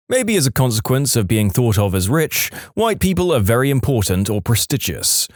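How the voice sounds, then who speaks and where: A man's voice: mid-range voice, no echo, clean studio sound. A man narrating a string of reddit stories aloud, briefly putting on the voices of the people he quotes.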